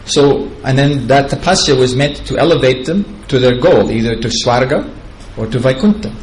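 A man teaches through scripture stories, wandering into chatty asides and chuckling at his own jokes. His voice sits at a middle pitch. A faint ambient hum runs underneath. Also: animated, moderate pace, poor audio. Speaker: spiritual teacher. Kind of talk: devotional storytelling lecture.

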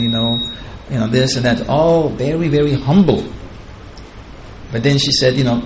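A man's voice: mid-range voice, normal speed, noisy background. Chuckling man telling devotional stories. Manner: chatty and digressive, chuckling at his own asides. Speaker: spiritual teacher. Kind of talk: devotional storytelling lecture.

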